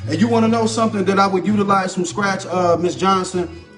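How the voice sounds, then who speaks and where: A man cooks and chats to viewers on a live stream in his home kitchen, loose and talkative. His voice sits a little high, and the room rings with echo. Faint music plays underneath. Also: brisk. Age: adult. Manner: loose and chatty, repeats a catchphrase, greets commenters. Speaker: home cooking host. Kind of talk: casual live cooking stream, chatting to viewers.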